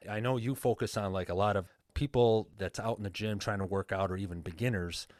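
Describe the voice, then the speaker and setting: Male guest coach, earnest and plain-spoken, deep voice, dry close sound. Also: brisk, a little mellow, no echo. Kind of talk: casual podcast interview.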